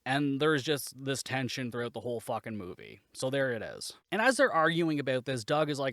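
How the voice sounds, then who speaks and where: A man's voice: mid-range voice, animated, brisk, hardly any pauses, a bit bright, dry recording, clean studio sound. A man hosting a podcast, giving a casual, rambling and sarcastic spoken review, swearing freely. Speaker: podcast host, movie reviewer.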